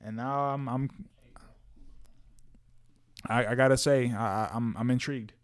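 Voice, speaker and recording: A man co-hosting a podcast in casual chat about movies and shows, animated and slangy, repeating words and restarting his sentences often. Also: mid-range voice, a little slow. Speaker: podcast co-host.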